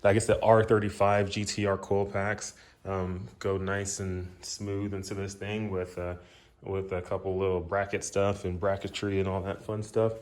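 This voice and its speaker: Deep-voiced easygoing man rambling. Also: level tone, normal speed. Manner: rambling, easygoing, lots of fillers. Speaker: car vlogger. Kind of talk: casual chat.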